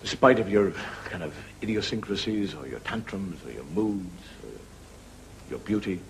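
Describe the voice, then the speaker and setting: Wry male comedian with lively delivery. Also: deep voice. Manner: wry, drawn-out pauses for laughs. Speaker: comedian host. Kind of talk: stand-up comedy monologue. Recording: loud background noise.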